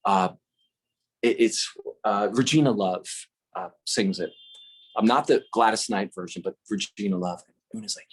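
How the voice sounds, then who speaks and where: A man's voice: lowish voice, normal speed, slightly rough. A middle-aged man telling a casual, rambling story with many fillers and self-corrections, host of a live talk stream.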